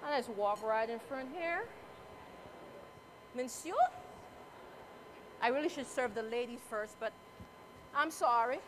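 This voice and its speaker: A woman's voice: on the high side, slow, pauses often, fairly bright tone, slight background noise. A woman doing a live cooking demonstration at a competition, chatting to the audience and judges in a motherly, playful way as she cooks. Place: cooking competition event space.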